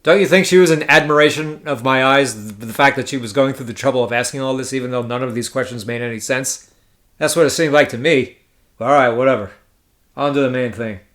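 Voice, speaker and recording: A man's voice: mid-range voice, fairly quick, fairly bright tone. A young adult man hosting a casual solo podcast, telling a story in a sardonic, profane, rambling way and correcting himself as he goes. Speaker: poker podcast host.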